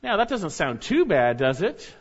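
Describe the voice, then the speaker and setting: A man delivers a sermon in a voice pitched somewhat high for a man, earnest and measured. He leans into key phrases as he teaches. The recording is dull and lo-fi. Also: sing-song. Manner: earnest preaching, reads scripture aloud with rising emphasis. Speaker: pastor.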